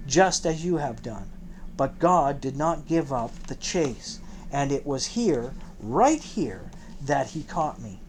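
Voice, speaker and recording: A fatherly old rabbi, as an audiobook reader puts him on, speaks low and tender, coaxing his listener toward a confession. His tone is soft and pleading rather than stern, with a faint hiss of noise behind the reading. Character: older male rabbi, gentle, troubled, fatherly.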